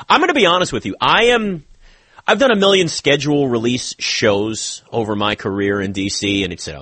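A man's voice: mid-range voice, a bit bright, no room sound. A man hosting a live sports talk show, opinionated and rambling, often restarting his sentences.

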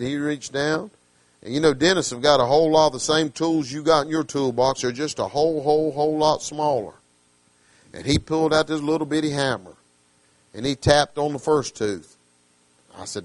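A man preaching a sermon, swinging from hushed asides to fervent calls, with folksy dialect grammar. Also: a little high, dry recording.

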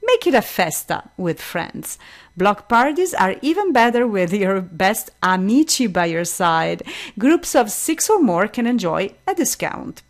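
A woman radio host presenting a bilingual show, reading event promotions in a lively way and moving between Italian and English. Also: mid-range voice, measured pace.

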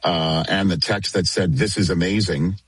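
Deep, husky-voiced man on a video call. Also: no room sound, rough recording. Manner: relaxed, wry, unhurried. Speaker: guest. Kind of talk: casual chat.

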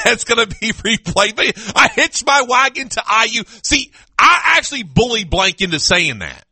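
High bright-voiced guy on sports radio, ranting loud and laughing a lot, dry close studio mic. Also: dry recording. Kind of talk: sports talk radio banter.

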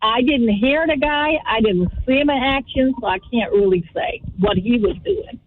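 A high-voiced woman with a Guyanese accent, speaking over a thin, tinny phone line. She talks steadily and thoughtfully, laying out her points with care. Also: moderate pace, a little hiss or hum. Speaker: caller, host's cousin. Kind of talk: phone-in conversation.

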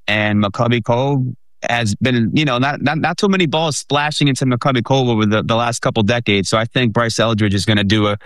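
A man co-hosting a sports talk show, talking in an animated way with many fillers. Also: medium pitch, no room sound.

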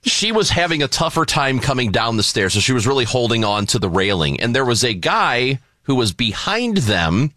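A male host recounting a mishap with a bright, forceful voice that rises and falls a lot. He talks casually and with self-mockery, in a dry, close sound without room echo. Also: mid-range voice, moderate pace, few pauses. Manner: animated, self-mocking, frequent restarts. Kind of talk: casual chat, telling a personal story.

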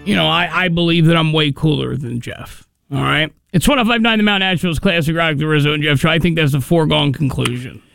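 A man with a high voice and a gravelly edge co-hosts a radio show, trading casual banter. He tells stories with animation, slipping into the voices of the people he quotes. The studio sound is close and dry. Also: quick pace, no echo, faint music behind. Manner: animated storyteller, acts out quotes.

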